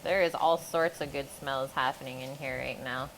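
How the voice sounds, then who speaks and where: A woman's voice: extremely low pitch, fairly even intonation, moderate pace, a bit bright, a little hiss or hum. A woman hosting a live cooking stream, chatting casually with her viewers as she cooks in a home kitchen. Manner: chatty, talks to chat while cooking. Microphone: streaming mic.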